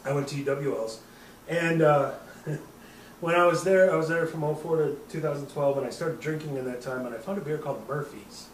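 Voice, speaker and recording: A man's voice: fairly high pitch, steady tone, normal speed, reverberant, distant mic, slight background noise, poor audio. A man in his thirties hosting a podcast, telling a rambling, profane drinking story and laughing at himself. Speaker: podcast host. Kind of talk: casual storytelling.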